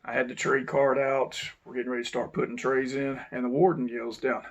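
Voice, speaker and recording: A former correctional officer tells a frank story in a gravelly, mid-pitched voice. He talks bluntly and drops a curse here and there. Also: little pitch movement, brisk, hardly any pauses. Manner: blunt, frank, swears now and then. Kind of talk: casual first-person storytelling.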